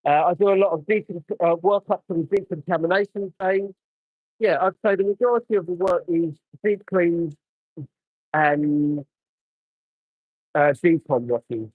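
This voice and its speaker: A man's voice: a little high, a little mellow, dry recording. A man chatting casually on a livestream, answering viewer comments while he cleans a car outdoors, talking into a phone. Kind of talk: casual live chat while working.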